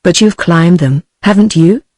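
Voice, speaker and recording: A woman's voice: on the low side, normal speed, darkish tone, no echo, natural voice. A synthetic woman's voice with a British English accent, reading the lines of an eager, chatty rich young woman.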